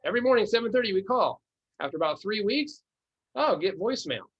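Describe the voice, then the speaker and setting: A male real estate coach teaching a training session, talking with energy and slightly raised pitch. His voice is husky, and the recording sounds dull and lo-fi. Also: fairly quick. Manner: energetic, repeats words, acts out dialogue.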